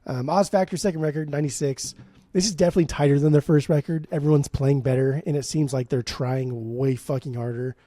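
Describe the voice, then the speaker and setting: A man's voice: a little high, steady tone, brisk, dark tone, no echo. A man co-hosting a podcast, giving laid-back, profane opinions on albums in casual chat. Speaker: podcast co-host. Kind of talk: casual music review chat.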